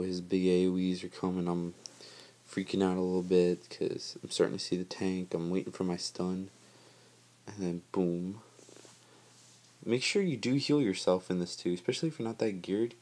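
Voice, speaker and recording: A man's voice: low voice, normal speed, darkish tone. A man giving casual, chatty gameplay commentary over his footage, joking about himself and laughing often.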